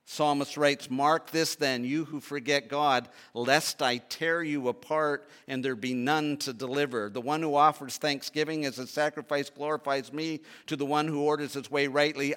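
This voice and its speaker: A male preacher with a bright, slightly high voice delivers a sermon. He reads scripture aloud and then drives his points home, rising to loud, emphatic peaks and dropping to low, hushed pleas. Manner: reads scripture aloud, then expounds with repeated rhetorical questions.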